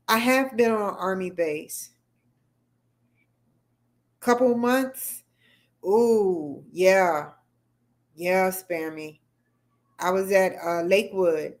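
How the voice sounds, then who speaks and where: A woman's voice: mid-range voice, a little mellow. A middle-aged woman chatting casually and rambling on a livestream, answering viewer comments as she goes. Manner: rambling, talks back to chat comments. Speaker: livestream host.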